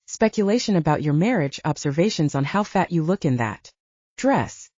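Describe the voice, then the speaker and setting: A woman's voice: low voice, expressive, normal speed, a little mellow, slightly rough, no room sound, dull audio. A woman narrator voicing a distraught young heroine, strained and self-deprecating, in an audiobook. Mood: wry. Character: distraught young woman, ashamed but wry.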